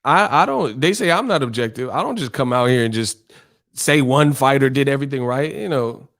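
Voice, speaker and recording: A man's voice: medium pitch, lively intonation, a little fast, a bit bright. A man hosting a boxing live stream, ranting bluntly and combatively with heavy cursing. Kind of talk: casual live-stream rant.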